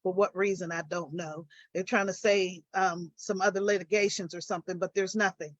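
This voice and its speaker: An older woman, a guest on a live stream, recounting her own story and getting animated as she retells arguments. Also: on the low side, brisk, dry recording, dull audio.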